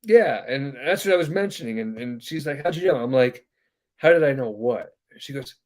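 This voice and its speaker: A man's voice: medium pitch, expressive, moderate pace. A man hosting a podcast, telling a long family story in casual chat, rambling with many fillers and acting out quoted voices. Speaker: podcast host.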